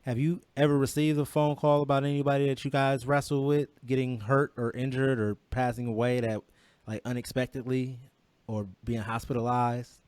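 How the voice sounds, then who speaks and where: A man's voice: medium pitch, flat delivery, moderate pace, darkish tone, clear, resonant tone, dry recording. A man co-hosting a podcast, retelling a story in casual chat with many quoted exchanges and restarts. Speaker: podcast co-host.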